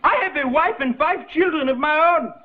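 A man's voice: very high voice, moderate pace, slight background noise. A pompous Frenchman. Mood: sheepish. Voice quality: pompous, theatrical. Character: pompous French dance partner, man. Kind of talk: sitcom acting. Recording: dull old TV sound, studio audience.

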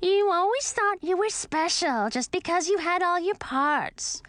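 A woman putting on squeaky bickering talking skulls. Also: expressive, measured pace, a bit bright, dry recording, exaggerated voice. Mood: taunting. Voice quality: high squeaky put-on voice.

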